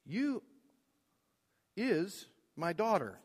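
A middle-aged man preaching a sermon in a church, swinging from loud emphatic declarations to quiet asides. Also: sits high, sing-song, drawn-out words, a little hiss or hum. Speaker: pastor. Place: church sanctuary. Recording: long hall reverb.

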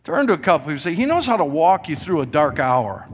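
A middle-aged man preaching a sermon, telling the story with animated delivery that swings from loud to hushed and acting out voices. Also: on the high side, brisk, slight background noise. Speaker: pastor.

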